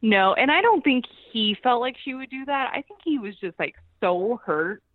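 A woman's voice: on the high side, animated, moderate pace, a little hiss or hum. A woman co-hosting a casual podcast chat, hesitant and full of fillers. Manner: hesitant, many likes and trailing thoughts. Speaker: podcast co-host. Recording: tinny phone-like line.

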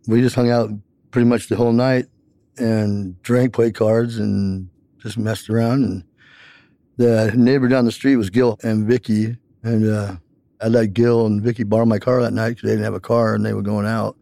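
A man's voice: fairly low pitch, level tone, normal speed, gravelly, dark tone, no room sound. A man telling a long personal account in an interview, rambling with many fillers.

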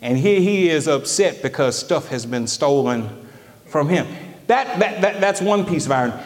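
Animated preacher with a lilt in an echoing hall. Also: male voice, normal speed. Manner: animated preaching, swooping from loud high cries to low murmurs. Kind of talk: sermon. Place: church sanctuary. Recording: echoey hall, long reverb.

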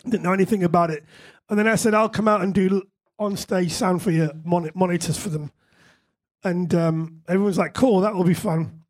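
Guy, high voice, live Q&A guest, laughs a lot, swears casually. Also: fairly even intonation, brisk. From England. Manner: chatty anecdotes, frequent laughter, casual swearing. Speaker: musician guest. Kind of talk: live on-stage Q&A storytelling.

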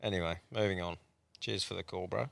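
A man with an Australian accent hosts a podcast, bantering loosely and swearing casually. His voice is lowish but bright and clear. The room sounds dry. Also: fairly even intonation, brisk, no room sound. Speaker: podcast host. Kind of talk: casual chat.

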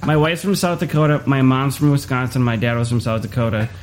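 A man's voice: mid-range voice, steady tone, quick pace, a little hiss or hum. A young man from Minnesota with a Minnesotan accent, chatting casually as a podcast guest and laughing often. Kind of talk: casual chat.

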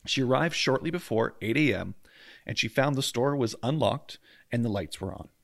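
A man co-hosts a laid-back true-crime podcast, joking and stumbling over names as he goes. His voice has a gravelly fry in it. The sound is dry and close. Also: medium pitch, lively intonation, moderate pace, no echo. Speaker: podcast co-host. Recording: dry close mic at home, faint outdoor hum.

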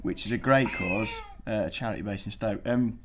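A man's voice: lowish voice, normal speed. A young man co-hosting a casual football podcast, telling a rambling anecdote with frequent restarts. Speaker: podcast co-host.

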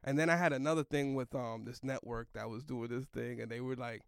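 A man's voice: mid-range voice, fairly even intonation, brisk, creaky, clean tone, dry recording, studio quality. A young man, a comedian, telling a rambling story in loose slang, full of "like" and "yo". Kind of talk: casual storytelling in a podcast chat.

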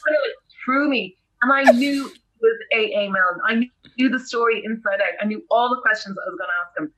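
A woman with an Irish accent, an entertainment interviewer telling rambling, animated stories in casual chat. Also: medium pitch, brisk, rough recording. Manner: animated, rambling storytelling with fillers. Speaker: podcast guest, entertainment interviewer.

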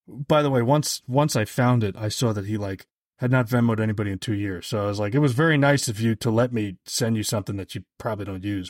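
A man guesting on a podcast, telling an anecdote in a casual, animated way, with lots of "like" fillers. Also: dry recording, clean studio sound. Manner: animated, heavy on "like" fillers, jumps higher when quoting others. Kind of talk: casual storytelling chat.

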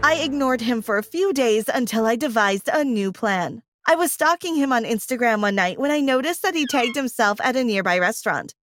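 A woman's voice: high-pitched, no room sound. A young woman narrating a first-person story in a dramatic, emotional style.

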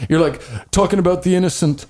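A man hosting a podcast in casual, opinionated chat, rambling and animated with slangy asides. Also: high voice, quick pace. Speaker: podcast host.

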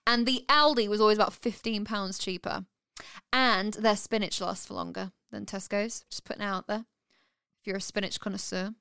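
A woman's voice: medium pitch, fairly even intonation, normal speed, vocal fry, bright, forceful tone, clear, resonant tone, no echo, clean studio sound. A young woman, co-hosting a podcast in casual, giggly chat. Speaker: podcast co-host.

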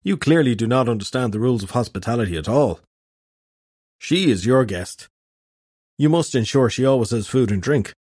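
Sly male fairy, slow and lordly, husky low tone, dry close sound, narrator puts him on. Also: expressive, a little mellow, no echo, lightly acted. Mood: cool, lecturing.

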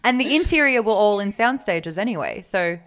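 A woman's voice: mid-range voice, expressive, fairly quick, a bit bright. Laughing Australian woman telling stories. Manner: laughs often, plays out quotes in storytelling. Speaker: podcast co-host. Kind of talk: casual chat.

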